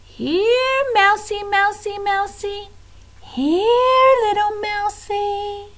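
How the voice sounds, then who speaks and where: A woman voicing a pack of hungry, gleeful rats with high, shrill, singsong calls. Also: wildly swooping pitch, drawn-out words, sharp tone, full character voice.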